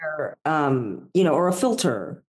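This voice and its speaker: Woman guest, supportive and playful, very expressive pitch, conversational. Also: unhurried. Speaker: podcast guest, plant medicine facilitator. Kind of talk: conversational interview chat.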